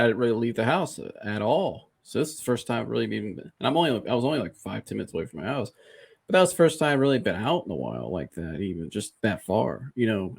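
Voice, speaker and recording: A man hosting a podcast, casually and candidly retelling a personal experience in an animated, conversational way. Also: fairly low pitch, creaky, husky. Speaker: podcast host.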